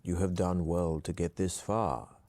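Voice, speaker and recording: A man voicing a stern old male dwarf trial master in a deep, formal voice. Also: fairly even intonation, measured pace, a little mellow, dry recording.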